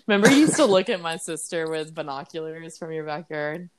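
A woman's voice: deep voice, moderate pace. A young woman hosting a podcast, chatting casually with a friend, laughing often and cutting in on him. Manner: giggly, laughs often, talks over the other speaker. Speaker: podcast host. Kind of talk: casual chat. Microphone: phone call.

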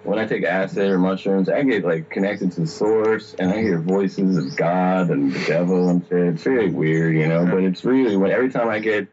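Young guy rambling through a story, lots of swearing and laughing, lowish voice, dull lo-fi sound. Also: normal speed, few pauses, crowd noise. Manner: rambling, profane, laughing often. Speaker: guest storyteller. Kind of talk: casual storytelling chat.

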